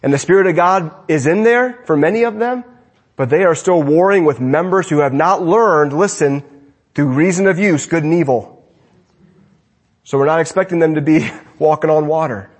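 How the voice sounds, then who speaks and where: A man giving a sermon to his congregation in a church, preaching with animated swings between emphatic and hushed lines. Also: on the high side, normal speed, slightly rough. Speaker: pastor. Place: church sanctuary.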